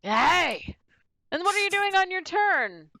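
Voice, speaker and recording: A woman's voice: very high voice, big pitch swings, a little slow, bright, forceful tone, no echo, poor audio. A woman running a tabletop game as game master, playful and laughing often.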